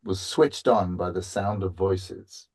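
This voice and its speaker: A man's voice: sits low, fairly even intonation, slow pace, gravelly, a little mellow, husky, faint music behind. A man guest on a podcast talking in a rambling, playful way, often restarting his thoughts. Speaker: voice actor guest. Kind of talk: casual podcast chat.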